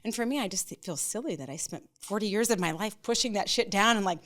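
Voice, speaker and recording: Kadın, kırklarında, sert ve coşkulu konuşan sunucu. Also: female voice, medium pitch, expressive, fast talker, few pauses. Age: 40s. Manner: emphatic, blunt, swears freely, frequent "right?". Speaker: podcast host. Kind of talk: casual interview chat.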